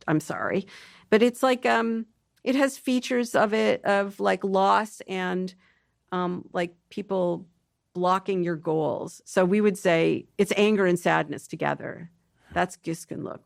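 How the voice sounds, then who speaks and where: A woman scientist guest explaining how emotions work in a relaxed podcast conversation, thinking aloud with restarts and playful asides. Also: mid-range voice, gravelly, dry recording, clean studio sound.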